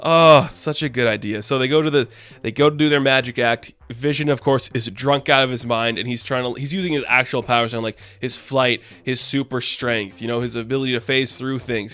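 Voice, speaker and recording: A man's voice: medium pitch, steady tone, brisk, a bit bright. A young man casually reviewing a TV episode, enthusiastic and rambling, with lots of filler words. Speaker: YouTube reviewer.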